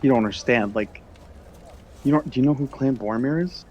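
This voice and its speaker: A man voicing a frightened male tavern barkeep in a tabletop game, stammering and speaking quietly. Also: mid-range voice, brisk, muffled recording, slight background noise, lightly acted. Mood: upset. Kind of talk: tabletop role-play voicing.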